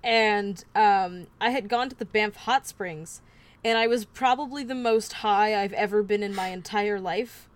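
A woman's voice: medium pitch, unhurried. A woman podcast host telling a true-crime story in casual chat, wry with offhand asides.

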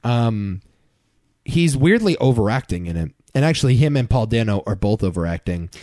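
A man's voice: mid-range voice, sing-song, moderate pace, a little mellow, dry recording, studio quality. A man co-hosting a casual film podcast, talking in an emphatic, opinionated way. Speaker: podcast co-host.

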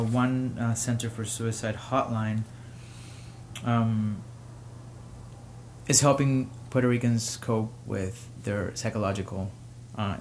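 A man hosting his own show, giving personal commentary with emotion, pausing often and rising to indignation. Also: mid-range voice, darkish tone, a little hiss or hum. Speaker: podcast host.

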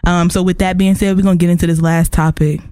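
A man's voice: high voice, level tone, fast, darkish tone, smooth, no echo, clean studio sound. A man hosting a casual podcast, chatty and loose, laughing as he tells stories. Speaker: podcast host.

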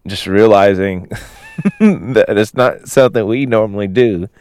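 In a casual, rambling retelling of a film plot, a man speaks a little slowly with plenty of fillers and small chuckles. His fairly low voice is smooth, clear, and slightly mellow, captured in a dry, close recording with no room sound.

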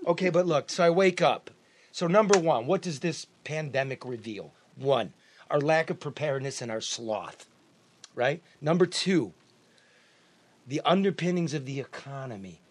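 A man from the US Midwest hosting a podcast, talking loudly and profanely, joking and restarting sentences a lot. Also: on the high side, animated, moderate pace, a little hiss or hum. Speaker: podcast host. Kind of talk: casual chat.

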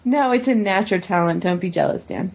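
A woman's voice: mid-range voice, animated, fairly quick, vocal fry, dull audio, background noise. A woman co-hosting a podcast in casual chat, playful and laughing often. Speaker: podcast co-host.

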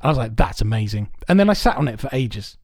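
A man's voice: medium pitch, big pitch swings, fast talker, creaky, no room sound, clean studio sound. A man hosting a podcast, rambling through his stories with plenty of swearing, amused at himself. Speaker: podcast host. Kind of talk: casual chat.

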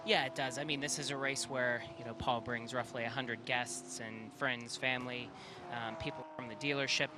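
A man, a race car driver, being interviewed in the pit lane, answering in a halting, stumbling way while he watches telemetry. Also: mid-range voice, fairly even intonation. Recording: loud race car noise behind. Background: race cars running.

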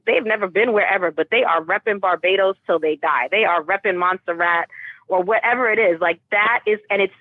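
A woman's voice: fairly low pitch, no echo. A woman from Boston who works as a teacher, talking in an emphatic, chatty way with lots of restarts. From Boston, United States. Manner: talkative, emphatic, frequent restarts. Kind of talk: casual conversation. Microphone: call audio. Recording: tinny phone line.

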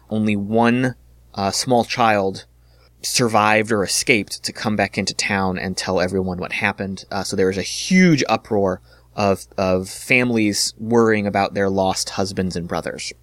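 A man's voice: fairly low pitch, moderate pace, dry recording. A man narrating a tabletop game as dungeon master, with frequent fillers. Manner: steady narration with many fillers.

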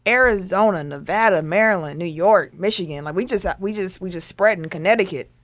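A young woman co-hosting a podcast in a casual chat, laughing often and talking with animated energy. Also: lowish voice, fairly quick, dry recording. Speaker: podcast co-host.

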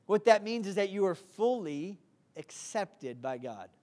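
A woman's voice: medium pitch, sing-song, measured pace, dark tone. This is a woman delivering a sermon to a congregation. She speaks earnestly and directly, and she keeps checking in with her listeners for a response. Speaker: preacher.

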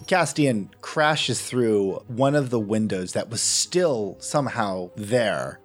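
A man playing a tabletop game, narrating his character's actions in an unhurried storytelling way. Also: on the low side, animated, soft background music. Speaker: player.

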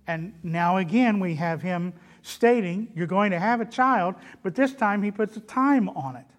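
High-voiced preaching pastor with Southern accent. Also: male voice, normal speed, hardly any pauses. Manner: animated, rises and drops in loudness, quotes scripture in character. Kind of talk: sermon. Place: church.

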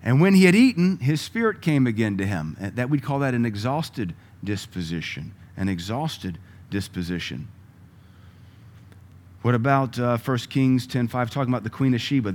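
A man preaching a sermon, moving between loud emphatic lines and quiet asides and chuckling with the congregation. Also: medium pitch. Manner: laughs often, conversational asides to the congregation.

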